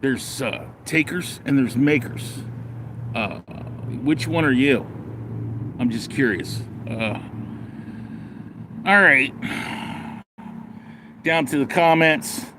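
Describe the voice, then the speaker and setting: A man's voice: medium pitch, takes it slowly, pauses often, bright, forceful tone, a little hiss or hum. A man ranting bluntly and sarcastically in a casual livestream, then rambling through viewer comments. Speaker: live streamer reading comments.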